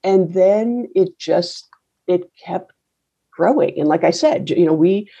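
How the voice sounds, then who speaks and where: A middle-aged woman who roasts coffee and runs her own business tells her story in a casual interview, rambling and wry, with lots of fillers and restarts. Her lowish voice is slow, creaky and warm with a breathy edge, and the audio sounds dull.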